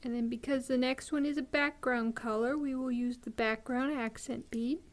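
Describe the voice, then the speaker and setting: A woman hosting a beading tutorial, explaining each step patiently with frequent ums and pauses. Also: sits high, steady tone.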